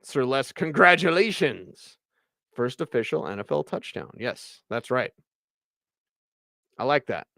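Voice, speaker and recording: A man hosting a live postgame sports show, reading viewer comments in excitable, chatty bursts. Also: mid-range voice, measured pace, gravelly, pauses often, no room sound, studio quality. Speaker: sports radio host.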